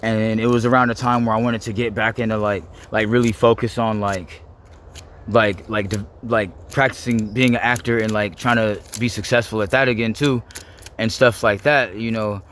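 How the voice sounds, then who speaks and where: A young man, rambling casually to camera, full of "like" and quick to laugh. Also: lowish voice, fairly even intonation, a bit bright, slight background noise. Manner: rambling, heavy use of "like", laughs easily. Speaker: vlogger.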